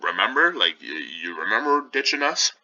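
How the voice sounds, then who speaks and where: A man voicing a teasing, quick-witted young man who jokes with his best friend in casual slang. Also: mid-range voice, big pitch swings, bright, forceful tone, voice pushed up, exaggerated voice. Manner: joking, casual modern slang. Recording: slightly dull lo-fi sound.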